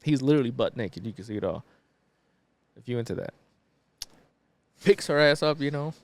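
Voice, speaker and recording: A man's voice: medium pitch, lively intonation, moderate pace, no echo. A man co-hosting a podcast, casually retelling a movie plot in a laid-back, profane way with lots of fillers. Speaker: podcast co-host.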